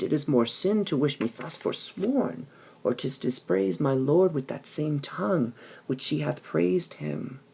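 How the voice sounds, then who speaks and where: A man's voice: gravelly, a little mellow, breathy edge, heavily acted. A man voicing a young teenage girl who is torn and pleading, reading her lines dramatically in a raised voice. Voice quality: raised high pitch.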